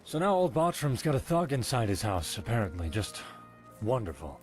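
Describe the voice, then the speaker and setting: A man voicing a dutiful male captain of the guard in a modded game, brisk and matter-of-fact. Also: mid-range voice, sing-song, a little mellow, faint music behind, lightly acted. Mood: stern. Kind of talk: modded game character dialogue.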